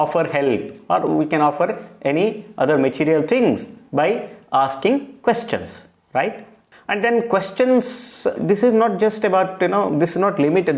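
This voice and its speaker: High-voiced Indian English teacher, echoey room. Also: male voice, a little mellow. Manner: explanatory, repeats phrases and checks with "right?". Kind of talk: recorded lecture.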